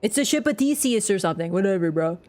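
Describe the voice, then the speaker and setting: A woman's voice: mid-range voice, lively intonation, fast, darkish tone, natural voice. A woman voicing a careless dude bro who brushes everything off with slang. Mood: dismissive. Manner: brash, dismissive, slangy.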